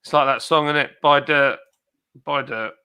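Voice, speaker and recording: A man hosts a relaxed live stream, reading out viewer comments and wandering off on tangents as he goes. His voice is bright and forward. He sits at a middle pitch for a man. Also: moderate pace, clear, resonant tone. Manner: chatty, rambling, reads comments aloud. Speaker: livestream host reading viewer chat. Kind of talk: casual chat.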